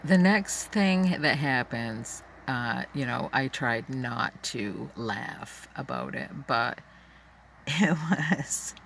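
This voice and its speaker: A man telling a personal story aloud, unscripted, halting and full of fillers and restarts. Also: medium pitch, expressive, gravelly, a bit bright, a little hiss or hum.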